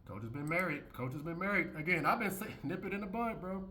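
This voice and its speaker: A man giving casual reaction commentary on a video, blunt and repetitive, often jumping into high mocking tones. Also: animated, fast talker, bright, forceful tone. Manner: blunt, repeats phrases, swings into high mocking voices.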